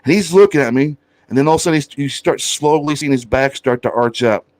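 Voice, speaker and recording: Dude hosting a podcast, cussing and cracking up through a wild story. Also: male voice, medium pitch, quick pace. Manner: animated, profane, laughing storyteller. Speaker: podcast host. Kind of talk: casual storytelling chat.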